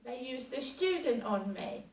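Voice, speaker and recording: A woman venting about how she has been mistreated, repeating herself with a steady grievance. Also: high voice, a little slow. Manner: aggrieved, repetitive, venting. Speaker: vlogger. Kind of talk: personal monologue. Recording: echoey room, far from mic.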